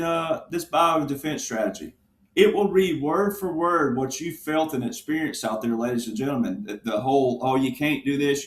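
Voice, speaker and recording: Middle-aged guy rambling on a panel, keeps repeating himself, mid pitch, echoey room. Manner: digressive, repetitive, emphatic asides. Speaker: panel guest, veteran. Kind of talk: rambling political commentary. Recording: roomy echo.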